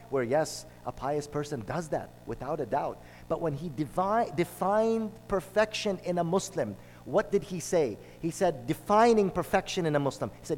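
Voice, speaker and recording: A man's voice: fairly high pitch, expressive, normal speed, few pauses, a little mellow. A man preaching a sermon, telling a story and driving points home with repeated phrases. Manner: storytelling, emphatic with repetitions. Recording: long hall reverb.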